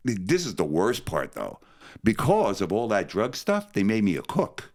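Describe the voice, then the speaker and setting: Older man with a deep, lively storytelling voice. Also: normal speed. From New Jersey, USA. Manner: animated, acts out other people's voices. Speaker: interview guest. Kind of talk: storytelling in conversation.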